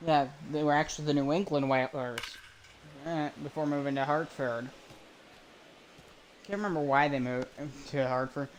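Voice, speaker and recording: A man's voice: fairly high pitch, steady tone, normal speed, long pauses, a little hiss or hum, low-quality recording. Chatty man calling a baseball game. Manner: rambling, self-correcting, chatty. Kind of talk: casual play-by-play with rambling asides.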